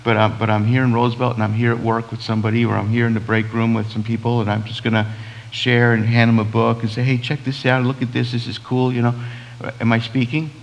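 A man's voice: medium pitch, level tone, fast talker, in a large hall, poor audio. A man, a pastor preaching a sermon in a conversational way, full of restarts and quoted asides. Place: church sanctuary.

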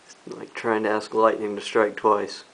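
A man filming a casual home video, gently teasing the pet iguanas. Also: fairly low pitch, monotone, normal speed, rough recording. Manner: gentle teasing talk to pets. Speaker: person filming. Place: home living room.

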